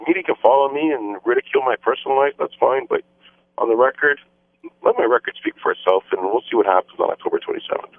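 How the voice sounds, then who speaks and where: Male mayor phoning in, emphatic, repetitive, thin phone-line sound, mid-pitched. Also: wildly swooping pitch, quick pace. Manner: emphatic, repetitive campaign talking points. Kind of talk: radio phone interview. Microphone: telephone.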